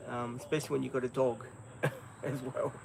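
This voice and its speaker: A man's voice: mid-range voice, little pitch movement, normal speed, creaky, noisy background. An Australian man hosting a live stream, chatting in an easygoing, rambling way with many ums. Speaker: livestream host. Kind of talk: casual live stream chat.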